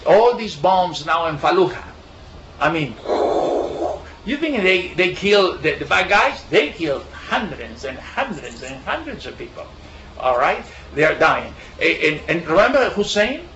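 Man, high voice, halting bible talk, lots of uh and restarts, dull recording. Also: big pitch swings, background noise. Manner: halting, many repeated fillers and restarts. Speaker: bible study speaker. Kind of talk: informal bible talk with anecdotes. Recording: echoey room, dull lo-fi sound.

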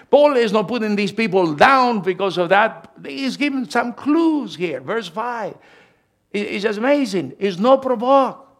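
A man preaching a sermon as pastor, swinging from quiet asides to loud, emphatic lines. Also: extremely high pitch.

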